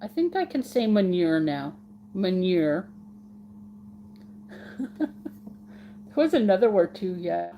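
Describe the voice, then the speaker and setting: A woman's voice: medium pitch, very animated, a little slow, long pauses, dull audio, slight background noise. A woman hosting a casual live stream, chatting with viewers in a giggly, playful way and repeating words for fun.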